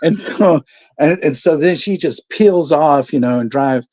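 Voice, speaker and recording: A man's voice: on the high side, a little slow, darkish tone. A man hosting a casual livestream chat, rambling through a story, swearing and laughing often. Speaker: channel host. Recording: dull lo-fi stream audio.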